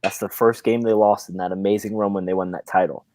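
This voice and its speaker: A low-voiced man talking football on a podcast, animated and eager, often restarting his sentences. The sound is close and dry, with no room around it. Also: fast talker, no echo. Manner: animated, pitch jumps up on emphasis, repeats words while thinking. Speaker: podcast host. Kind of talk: casual chat.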